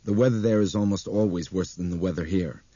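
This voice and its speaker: A man voicing an airline pilot who speaks flatly and keeps tight control of his fear. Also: sits low, a little fast, slightly rough, no room sound, dull audio. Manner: flat, clipped. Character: tense airline pilot staying flat and controlled.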